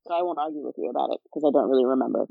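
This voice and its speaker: This podcast co-host is a young woman with a bass voice who talks rapid-fire with a creaky quality. She jokes and swears casually in laid-back conversation, captured in a dull, lo-fi, dry recording.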